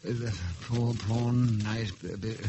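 A man's voice: mid-range voice, sing-song, slow, fairly bright tone, a little hiss or hum. An actor with an Irish accent playing a bumbling, hesitant dragoon captain in a 1950s radio drama, stammering as he talks.

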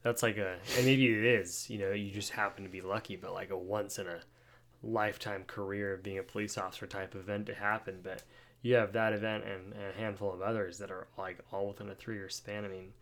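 A young man with a lowish voice hosts a podcast in a casual chat. He rambles, circles back on his words, and eggs his guest on. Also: little pitch movement, a little fast, fairly bright tone. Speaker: podcast host.

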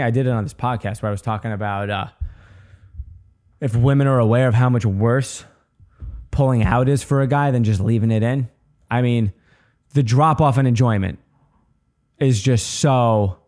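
A man's voice: mid-range voice, a little mellow. A man talking as a comedian and podcast host, in a casual ranting monologue that is profane, sarcastic and rambling, with many restarts.

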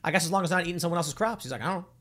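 A man's voice: a little high, rapid-fire, a bit bright. A man talking casually and jokingly, giving his opinions and acting out quoted voices.

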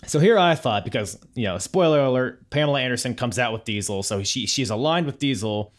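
A man's voice: mid-range voice, lively intonation, fairly quick. A man hosting a casual podcast, recapping and telling stories with a chatty, laughing manner. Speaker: podcast host.

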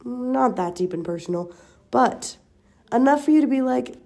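A woman's voice: a little high, lively intonation, moderate pace, creaky, mellow. A young woman hosting a podcast, rambling casually and laughing at herself. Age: young adult. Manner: rambling, self-deprecating, laughs often. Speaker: podcast host. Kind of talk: casual chat.

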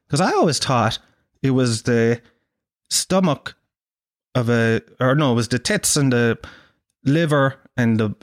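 Brief: Irish man, podcast host, self-mocking and sweary, mid-pitched voice, dry close sound. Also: no room sound. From Ireland. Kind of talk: comic monologue.

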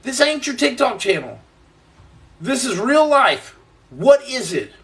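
A man's voice: very high-pitched, sing-song, slow pace, fairly bright tone, recorded from a distance, pitched above the performer's own voice, exaggerated voice. A man voicing a stern, suspicious woman who scolds him with pointed questions, retelling a story. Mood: scolding.

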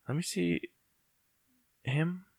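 A man co-hosting a casual podcast chat, relaxed and opinionated, laughing easily. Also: a little high, drawn-out words, slightly rough, no echo, clean studio sound. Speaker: podcast co-host.

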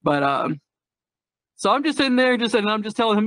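A man's voice: high-pitched, sing-song, brisk, long pauses, a bit bright, no room sound. A man with a slightly raised voice chats in a candid, darkly humorous way, often laughing as he tells a story. The sound is dry and close, with no room around it. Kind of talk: casual chat.

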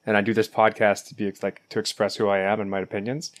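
A man with a fairly low voice co-hosting a podcast, talking bluntly and loosely, full of "like" and restarts. He speaks his mind in plain casual chat. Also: little pitch movement, fast talker. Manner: blunt, outspoken, filler-heavy. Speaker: podcast co-host.

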